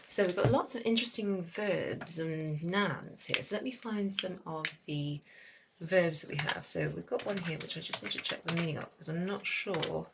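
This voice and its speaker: A woman's voice: on the low side, moderate pace, creaky, background noise. A woman teaching a French lesson, reading a French text aloud and then explaining its words and pronunciation in English.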